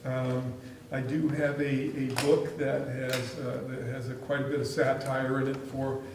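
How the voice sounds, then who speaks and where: A man's voice: medium pitch, level tone, unhurried, background noise. A man speaking as school superintendent at a board meeting, telling chatty, amused stories. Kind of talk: meeting remarks and storytelling. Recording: echoey room, distant mic.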